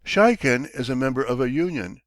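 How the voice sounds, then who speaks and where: A man's voice: medium pitch, animated, dry recording, clean studio sound, natural voice. A man reading an audiobook, voicing a blunt, self-satisfied older townsman who talks down to others. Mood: dismissive. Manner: brisk, dismissive, bossy. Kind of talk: audiobook character voice.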